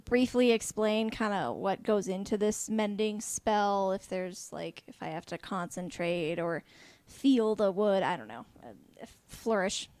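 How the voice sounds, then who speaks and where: A woman's voice: medium pitch, a little slow, darkish tone, dry recording. Polite, eager woman player, stammering restarts, dry close sound. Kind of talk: tabletop role-play.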